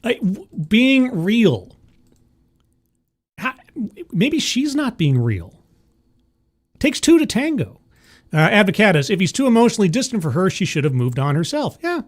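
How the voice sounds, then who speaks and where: Sarcastic streamer, lively swooping voice. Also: mid-range voice, a little slow, pauses often. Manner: sarcastic, exasperated, animated. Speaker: streamer reacting to a video. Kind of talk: live stream commentary.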